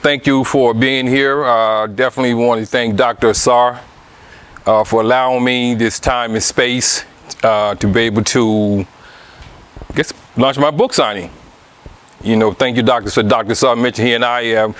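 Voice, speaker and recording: Southern man giving a halting book talk. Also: medium pitch, a bit bright. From Alabama, US. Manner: hesitant, many restarts and fillers. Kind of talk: public talk to a live audience.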